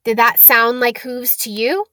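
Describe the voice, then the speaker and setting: A woman's voice: on the high side, fairly even intonation, unhurried, bright, forceful tone, no room sound. Inquisitive young schoolboy; a woman reads him. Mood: curious. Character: curious schoolboy.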